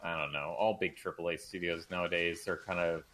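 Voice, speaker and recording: A man co-hosting a gaming talk stream, relaxed and hesitant, with frequent ums. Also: deep voice, brisk, poor audio. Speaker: co-host. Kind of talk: casual chat.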